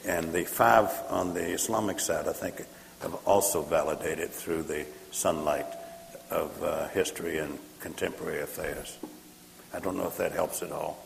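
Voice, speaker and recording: A man giving a measured, point-by-point answer with many pauses and fillers, in a gravelly voice. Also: low-pitched, fairly even intonation. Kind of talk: lecture-style answer. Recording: echoey hall with faint noise.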